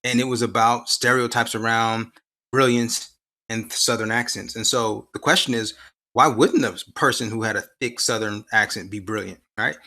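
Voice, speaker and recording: In a steady, mid-range voice that sounds pushed and bright, a guest researcher in science education talks at normal speed during an interview. His explanations run long and emphatic, peppered with rhetorical questions.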